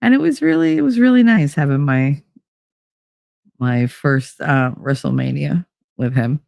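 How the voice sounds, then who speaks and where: A woman's voice: sits low, a little slow, vocal fry, dry recording, studio quality. A woman hosting a podcast, talking casually and candidly in a monologue with plenty of swearing. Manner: candid, animated, swears freely. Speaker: podcast host.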